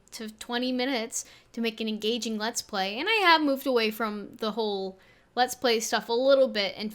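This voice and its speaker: A woman with a youthful, slightly high voice reacts to her own old footage. She mocks herself freely and stumbles and restarts often. She speaks into a desk microphone on an arm. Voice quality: sounds younger than her age. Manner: self-deprecating, halting, many restarts. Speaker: video creator and game developer. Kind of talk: casual reaction commentary. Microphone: Blue Yeti on an arm.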